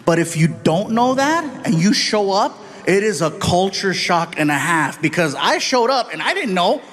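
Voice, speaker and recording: Animated stand-up comedian, high voice. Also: male voice. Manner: animated, jumps into voices for the people in his stories. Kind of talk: stand-up storytelling. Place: large theater stage before a laughing audience.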